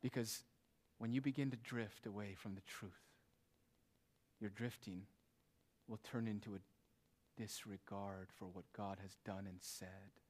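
In a lowish, steady voice, a man preaches unhurriedly. He explains the text with emphasis, using rhetorical questions and casual asides, and his delivery shifts from loud to hushed and back.

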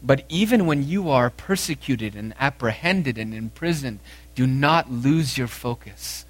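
A man preaching a sermon, lively and animated, acting out the dialogue as he tells it. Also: mid-range voice, measured pace. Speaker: pastor.

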